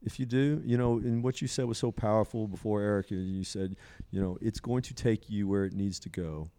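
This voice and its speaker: A man's voice: fairly low pitch, a little fast, warm tone. A man telling a personal story in casual conversation, rambling with many fillers and frequent laughter. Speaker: podcast guest sharing a psilocybin experience.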